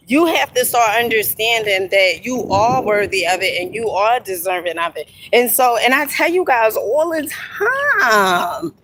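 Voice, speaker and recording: A woman filming a motivational vlog on her phone at an outdoor lookout. She talks emphatically, tosses in "okay?" and "honey" constantly, and breaks into excited whoops. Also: on the high side, poor audio. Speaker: inspirational video creator.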